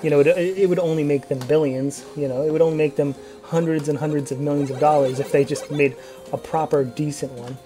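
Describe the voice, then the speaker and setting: A man's voice: on the high side, fairly even intonation, fairly quick, dark tone, soft background music. A young man giving casual gameplay commentary, rambling and profane, full of fillers and restarts. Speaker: let's play commentator.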